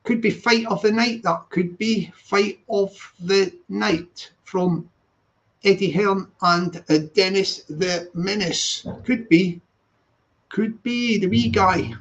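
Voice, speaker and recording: A man's voice: high voice, slow, a bit bright. A Scottish man hosting a casual live stream, upbeat and chatty, repeating his greetings. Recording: dull lo-fi sound.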